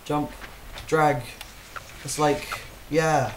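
A man's voice: on the high side, steady tone, extremely slow, background noise. A man doing gameplay commentary, joking around and talking to himself as he plays, recorded on a desktop mic. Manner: goofy, jokey, talks to himself while playing. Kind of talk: let's play commentary.

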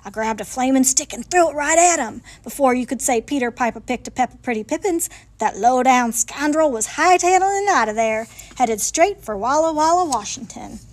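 High-voiced woman reading a folksy storybook. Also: expressive, normal speed. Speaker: library storyteller. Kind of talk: reading a picture book aloud. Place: library.

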